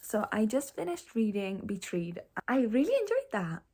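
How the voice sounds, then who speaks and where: A woman's voice: medium pitch, wildly swooping pitch, moderate pace, over loud music. A young woman in her twenties chatting casually about books she is reading, bubbly and full of "like" fillers. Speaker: book vlogger. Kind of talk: casual chat.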